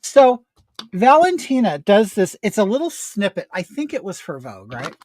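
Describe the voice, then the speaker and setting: A man's voice: sits high, sing-song, normal speed, a little hiss or hum. A man, a drag queen host, gossiping sarcastically while doing makeup and reading viewer comments. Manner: reads viewer comments aloud. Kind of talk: casual makeup chat.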